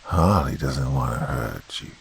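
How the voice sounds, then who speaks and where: A man's voice: a bass voice, unhurried, vocal fry, breathy edge, heavily acted. A man voicing a shadowy demon with a childlike, mocking, whispered voice, in a horror story reading.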